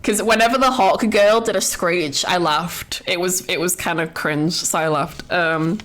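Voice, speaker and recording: A woman's voice: lowish voice, a little slow, fairly bright tone. A young woman streaming casual chat about a film she just saw, rambling, swearing freely and breaking into giggles.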